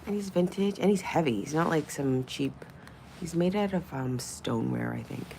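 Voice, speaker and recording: Woman, livestream host, low voice, lively pitch, swears, coos, slips into whispers, faint background noise. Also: normal speed, gravelly. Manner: chatty, swears casually, coos at objects, drops into whispers. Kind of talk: casual livestream chat.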